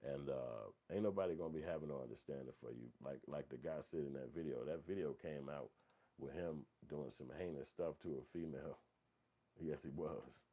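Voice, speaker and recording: Brief: a deep, mellow male host, rambling and emphatic with casual commentary. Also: moderate pace, breathy edge. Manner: rambling, emphatic, profane, repeats "you know what I'm saying". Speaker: morning show host.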